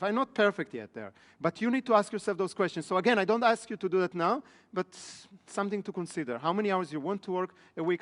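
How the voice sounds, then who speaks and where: In an echoey hall, a man with a high, slightly bright voice leads a live business seminar before an audience in a training room. The business trainer frequently checks in with the room through quick questions.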